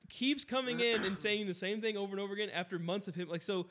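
Fast-talking man spinning a rambling story. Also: high voice, fairly even intonation, fairly bright tone. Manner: rambling storyteller, heavy use of "like", swears freely. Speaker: podcast co-host telling a work story. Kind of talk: casual chat.

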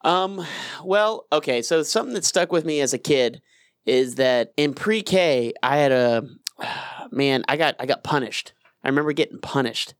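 A man's voice: a little high, expressive, normal speed, no room sound, studio quality. A man co-hosting a casual chat, telling a childhood story in a laid-back, profane way. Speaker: podcast co-host.

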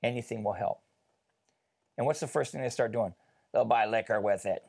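A man telling a personal story in a casual faith discussion, chatty and animated, with many fillers. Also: medium pitch, moderate pace, vocal fry.

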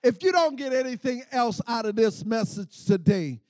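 At a moderate pace, an expressive, high-pitched preacher in middle age calls out to his congregation in a call-and-response sermon that keeps rising. At its peaks his voice swells into shouts. The audio is dry and close-miked, without any room reverb.

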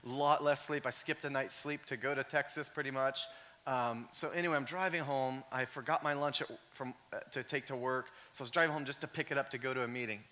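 A male pastor preaching a sermon in a conversational way, full of "like" fillers, moving from quiet storytelling up to shouting. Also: medium pitch, fairly even intonation, a little fast.

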